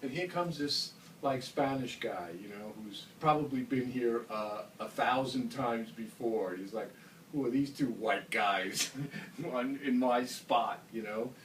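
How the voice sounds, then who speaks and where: A man telling a casual story, laughing often and acting out the shouted lines of the people in it. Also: medium pitch, a little slow, slight background noise. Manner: animated, laughing, acts out shouted quotes. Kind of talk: casual anecdote. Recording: roomy, from far off, faint ambience.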